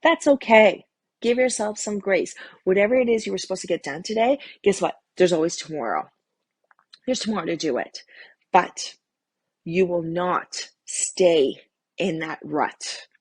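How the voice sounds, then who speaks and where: A woman's voice: lowish voice, animated, a little slow, husky, no echo. A middle-aged woman and lifestyle coach giving a candid, motivational talk to camera, addressing the viewer directly and swearing casually.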